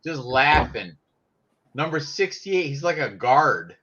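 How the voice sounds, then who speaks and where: Brash, profane man, bright lo-fi voice. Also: mid-range voice, very animated, slow, breathy edge. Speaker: sports picks podcaster. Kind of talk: casual sports chat. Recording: dull lo-fi sound.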